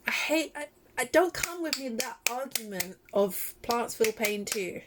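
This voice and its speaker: A woman vlogger talking casually in a reaction video, emotional and animated, laughing often. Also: on the high side, a little slow, very noisy.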